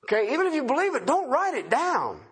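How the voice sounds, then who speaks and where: A man preaching a sermon in a folksy way, swinging from loud emphatic points to quiet chuckling asides. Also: very high-pitched, wildly swooping pitch, quick pace.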